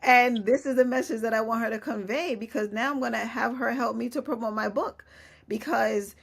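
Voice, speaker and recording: A fairly high-pitched, gravelly woman with a breathy edge hosts a podcast at a brisk clip. The talk is casual and chatty, thick with "you know" fillers and regular laughs.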